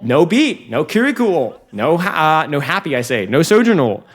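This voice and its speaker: A man coaching viewers through a match review in casual commentary, talking straight to them and getting excitable when plays swing. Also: fairly high pitch, moderate pace.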